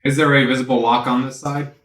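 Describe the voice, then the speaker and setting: A man's voice: medium pitch, little pitch movement, fast talker, a bit bright, echoey room. A man playing a tabletop game, asking matter-of-fact questions about the scene. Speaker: player. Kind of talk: casual game chat.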